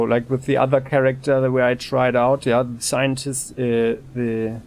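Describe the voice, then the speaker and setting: A man commenting casually over a game as he plays it. He talks slowly, musing aloud and restarting his sentences as he weighs his choices. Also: medium pitch, darkish tone, a little hiss or hum. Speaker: let's play host.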